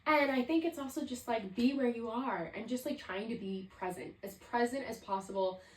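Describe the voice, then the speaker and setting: A woman's voice: on the high side, normal speed, recorded from a distance. Rambling young woman in an echoey room. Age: 20s. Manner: reflective, rambling, heavy use of "like". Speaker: podcast host. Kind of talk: casual solo podcast monologue.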